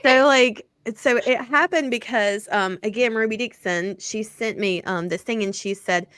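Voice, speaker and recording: A woman's voice: on the high side, a little slow, a bit bright, clear, resonant tone, no echo, studio quality. A woman co-hosting a podcast, chatting casually about romance books, with lots of fillers and casual swearing. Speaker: podcast co-host.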